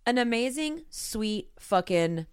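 A woman co-hosting a podcast, her voice smooth and resonant and recorded close and dry. She swears freely, laughs often, and reads a listener's letter aloud while teary. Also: on the high side, expressive, slow, no room sound. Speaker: podcast co-host. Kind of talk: casual chat.

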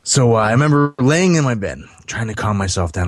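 Male podcast storyteller, casual and rambling, close dry recording, mid pitch. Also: expressive, brisk, no echo. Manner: rambling, many fillers and restarts.

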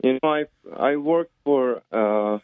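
A man's voice: medium pitch, slow, clear, resonant tone, no room sound. Emotional male caller on a phone line. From abroad. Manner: earnest, repetitive, hesitant. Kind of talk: phone call-in. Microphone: telephone. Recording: narrow telephone line.

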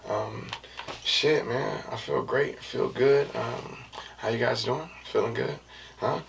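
A man hosting his own podcast, talking in a loose, slangy, rambling way with lots of fillers and a soft, low-key delivery. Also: slow, gravelly. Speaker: podcast host. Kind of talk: casual solo podcast chat. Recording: distant mic with faint background noise.

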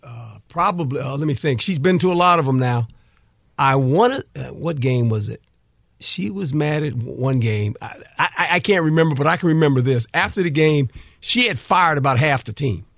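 Animated older man telling football stories. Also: on the high side, normal speed, gravelly, no room sound, studio quality. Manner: animated storyteller, lively, repeats words. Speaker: former coach, guest analyst. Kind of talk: casual sports talk.

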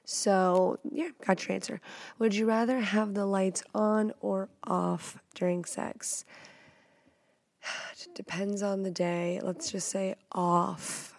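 A woman's voice: mid-range voice, flat delivery, slow pace, vocal fry, no room sound. A young woman hosting a podcast, answering questions in a blunt, playful, self-mocking casual chat. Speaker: podcast host.

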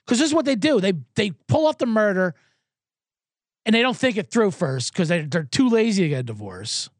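A man's voice: sits high, sing-song, a little fast, dry recording, clean studio sound. Rambling, self-deprecating male comedy host. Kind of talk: comedic monologue. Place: Los Angeles.

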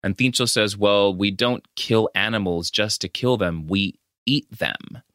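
Male podcast co-host, animated and profane, bright tone, recorded dry. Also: lowish voice, unhurried, no room sound. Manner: animated, swears often, acts out scenes from the film. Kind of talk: casual film discussion podcast.

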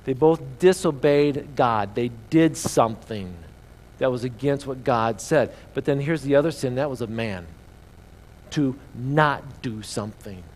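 A man's voice: mid-range voice, measured pace, darkish tone, a little hiss or hum. A man preaching a sermon as pastor, emphatic and full of rhetorical questions to the congregation.

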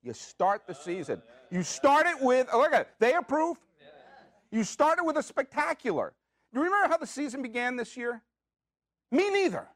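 High-voiced, animated man joking around. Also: normal speed, no room sound, studio quality. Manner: animated, jokey, with playful rants and self-asked questions. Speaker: podcast host. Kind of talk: comedic monologue. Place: studio.

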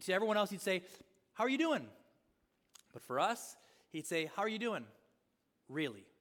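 A man preaching a sermon as a pastor, repeating rhetorical questions and swinging between loud emphasis and hushed asides. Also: high voice, in a large hall.

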